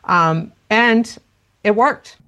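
A woman's voice: medium pitch, very slow, a bit bright, clear, resonant tone. Earnest woman telling stories. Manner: earnest, storytelling, acts out quotes. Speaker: parenting guest. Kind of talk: casual chat, anecdotes.

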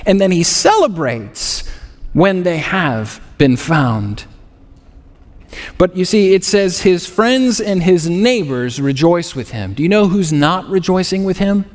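Pastor, male, high voice, earnest sermon delivery with dry sarcasm, long hall reverb. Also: expressive, measured pace.

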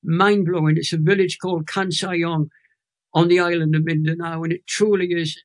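A Welsh man in his eighties telling an emotional testimony story as an interview guest, with animated delivery and dramatic pauses. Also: a little high. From Wales. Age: 80s.

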